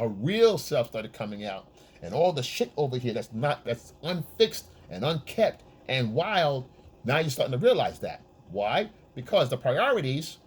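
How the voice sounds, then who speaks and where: A man's voice: mid-range voice, breathy edge. A man giving blunt, profane dating advice in a casual monologue, often checking in with the listener. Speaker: men's dating coach.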